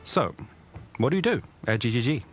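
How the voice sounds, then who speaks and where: Lively man presenting an interview. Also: mid-range voice, brisk, slightly rough, soft background music. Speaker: interviewer, trailer maker. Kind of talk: studio video interview.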